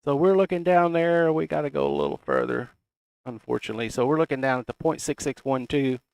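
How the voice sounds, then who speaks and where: A man's voice: mid-range voice, big pitch swings, brisk, gravelly, darkish tone, clear, resonant tone, no echo. A middle-aged man with a Southern US accent, reading out price levels in casual, folksy chart commentary. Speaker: crypto chart analyst.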